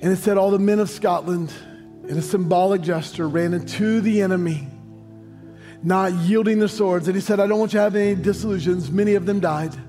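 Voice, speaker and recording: This American pastor speaks briskly in a high, dark-toned voice, preaching with stories, jokey asides, and a climb into sung emphasis. Long reverb from the large church hall and faint music are audible.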